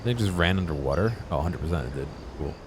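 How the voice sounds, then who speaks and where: A gaming streamer chatting casually over gameplay in a very deep voice. He swings his pitch widely while telling stories and swears freely. Game noise sits clearly in the background. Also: fast talker. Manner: animated storytelling, swearing. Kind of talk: casual let's-play chat. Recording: noisy game-capture mix.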